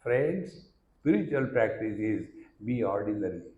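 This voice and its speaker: A man's voice: lowish voice, sing-song, unhurried, a little mellow, muffled recording. Indian man teaching scripture in a hall. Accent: Indian English. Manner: storytelling, acts out dialogue, chants Sanskrit verses. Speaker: spiritual teacher. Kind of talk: discourse on scripture.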